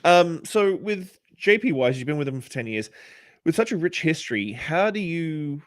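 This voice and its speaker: A man's voice: a little high, expressive, normal speed, dry recording. A man hosting a podcast, asking questions in a friendly, teasing casual chat. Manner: friendly, teasing, laughs easily. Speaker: podcast host.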